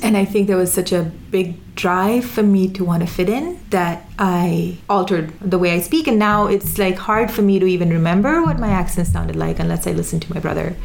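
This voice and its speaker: A woman's voice: fairly low pitch, normal speed, gravelly, hardly any pauses, a little mellow. A young woman with an American accent, thoughtfully telling her own story in an interview. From Sudan, raised in Dubai and Jeddah. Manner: thoughtful, with frequent restarts and "you know". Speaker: interview guest. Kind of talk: reflective conversational storytelling.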